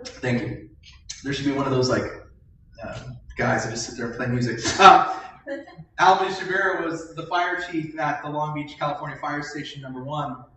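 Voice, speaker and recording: A pastor preaching a sermon in a church, telling stories and asking the congregation questions. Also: male voice, medium pitch, a little hiss or hum. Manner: animated storytelling with questions to the congregation. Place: church sanctuary. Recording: echoey hall, voice from a distance.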